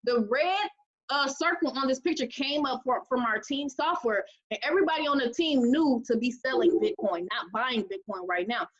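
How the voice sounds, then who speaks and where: A woman giving a chatty motivational pitch to live viewers, with many "okay?" asides. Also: normal speed, lo-fi sound. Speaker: team recruiter presenting a trading program.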